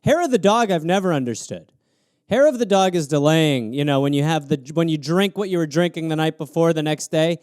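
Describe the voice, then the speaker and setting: A man's voice: on the high side, a little fast, smooth, no room sound, clean studio sound. A male comedian hosting a live show, riffing crudely on prompts and jumping into character voices. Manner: animated, crude, jumps into voices.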